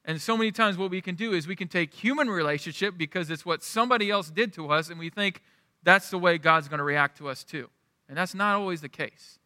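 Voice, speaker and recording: Bright high-voiced preacher in a reverberant hall. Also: male voice, brisk, studio quality. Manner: conversational, asks the room "right?". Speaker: pastor. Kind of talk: sermon.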